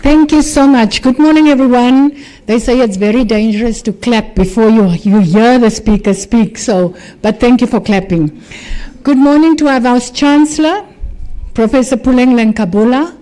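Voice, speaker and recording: Mellow, higher-pitched woman at the podium. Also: normal speed, low-quality recording. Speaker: speaker introducing the keynote. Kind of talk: formal welcome speech with anecdote. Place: university function hall.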